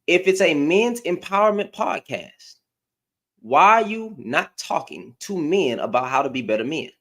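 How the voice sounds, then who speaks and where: A woman's voice: deep voice, big pitch swings, unhurried, fairly bright tone. Blunt, heated woman streamer. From United States. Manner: blunt, heated, repeats phrases. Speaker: livestream host. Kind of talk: live reaction commentary.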